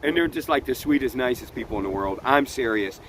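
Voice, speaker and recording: A man's voice: medium pitch, lively intonation, brisk, rough recording. A man hosting a motivational live stream, talking earnestly and often laughing, recorded outdoors with some wind noise. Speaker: vlog host.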